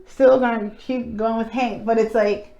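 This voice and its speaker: A woman's voice: fairly high pitch, fairly even intonation, a little slow, vocal fry, dark tone, lo-fi sound. A young woman co-hosting a casual podcast chat, blunt and rambling, swearing freely. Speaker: podcast co-host.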